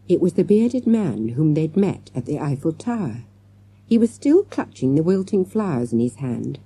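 A woman's voice: deep voice, moderate pace, breathy edge, no echo. A woman narrating a children's storybook, voicing the characters as she goes. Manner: lively, acts out character lines. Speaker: audiobook narrator.

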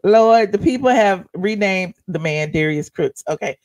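Expressive and a little mellow, this woman's medium-pitched voice moves at a measured pace. Hosting a livestream of casual gossip commentary, she's sassy with her viewers, laughs a lot, and calls them honey.

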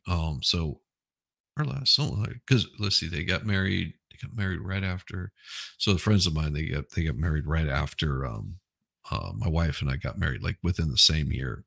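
Gravelly blunt-talking man on a livestream. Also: very deep voice, normal speed, fairly bright tone, no echo. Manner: rambling, blunt, swears, lots of restarts. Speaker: livestream host reading chat. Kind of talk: casual live chat commentary.

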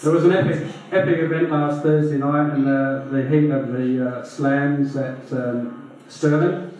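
Man, comic performance poet, rhythmic wry recitation, somewhat high voice, very echoey pub room, distant and dull sound. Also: fairly even intonation, measured pace, darkish tone. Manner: rhythmic rhyming recitation, wry and self-mocking. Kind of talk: comic spoken word performance. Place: pub stage before a live audience.

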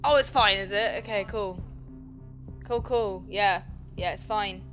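A woman's voice: mid-range voice, music in the background. A woman co-hosting a game review, teasing her partner in casual let's-play banter. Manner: teasing, quick to laugh.

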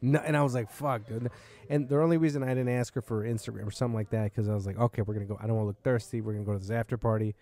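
A comedian hosting a podcast spins a long, rambling story in a bar, talking fast and swearing freely. His voice is ordinary in pitch, with a steady, warm tone, and the talk is casual chat.

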